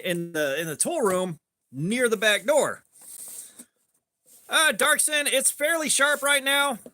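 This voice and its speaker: A man with a high, crisp voice chats on a relaxed stream. He wanders through a long story in a laid-back way and breaks off to greet viewers. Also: a little hiss or hum. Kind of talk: casual storytelling while sharpening.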